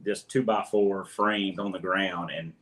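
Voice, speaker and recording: A man's voice: deep voice, fairly even intonation, a little slow, fairly bright tone. A man with a Louisiana accent, a guest homesteader talking in a hesitant, earnest way, often repeating words. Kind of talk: casual interview chat.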